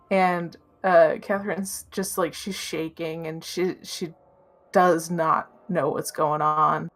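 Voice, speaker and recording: A woman runs a tabletop game as game master, narrating slowly and hesitantly. Her sentences are full of pauses and fillers as she describes the scene, with faint music playing behind her. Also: deep voice, flat delivery, fairly bright tone.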